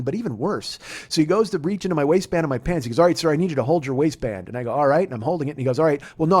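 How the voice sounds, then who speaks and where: A man, telling a profane story as a podcast host, swinging between muttering and shouting. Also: fairly high pitch, husky. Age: 40s. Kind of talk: storytelling monologue.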